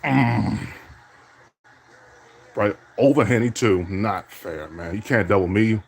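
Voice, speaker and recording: Slow and creaky with a breathy edge, a man's fairly low voice carries lively intonation as he plays a basketball video game. He calls his plays aloud and taunts his opponent, repeating "indeed" among other catchphrases.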